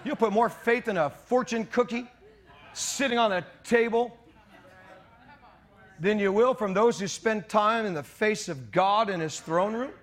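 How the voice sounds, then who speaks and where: A man preaching a sermon as pastor, in an impassioned style that climbs into shouting. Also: sits high, measured pace. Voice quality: mock British voice for God's words.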